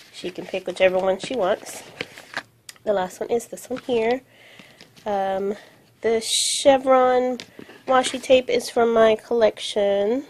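A woman shows off her handmade crafts at home while filming on her phone. She talks at an unhurried pace in a medium voice, pausing often with fillers as she thinks aloud. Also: mid-range voice, gravelly, a little mellow, slight background noise. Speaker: crafting vlogger. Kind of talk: casual show-and-tell narration. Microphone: phone camera.

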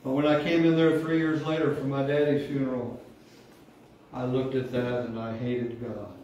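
A man's voice: mid-range voice, level tone, normal speed, a little mellow, highs cut off. A man in his sixties, a pastor, giving an emotional testimony sermon with fervent call-and-response. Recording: echoey hall from far off, faint noise.

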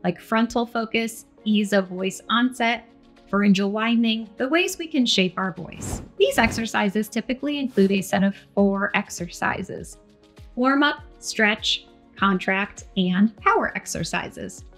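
A woman who is a speech-language pathologist, giving clear, scripted teaching narration and slowing down to demonstrate examples. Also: a bit bright, faint music behind. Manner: clear, deliberate, slows to demonstrate stress and pitch examples.

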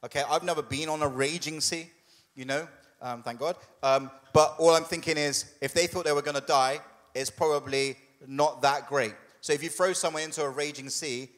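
Joking pastor in a reverberant church. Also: male voice, fairly high pitch, steady tone, moderate pace, a bit bright. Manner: conversational and humorous, with quoted asides. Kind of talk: sermon. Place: church hall.

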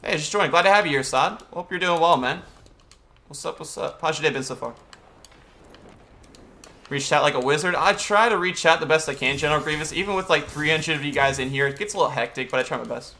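A man's voice: fairly high pitch, quick pace, sharp tone. A young man streaming a video game, chatting casually and greeting viewers and answering chat as he plays.

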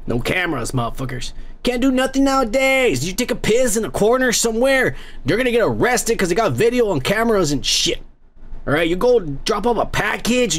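A man hosting a podcast, reading viewer comments aloud in a crude, rambling, mocking way and laughing often. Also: sits high.

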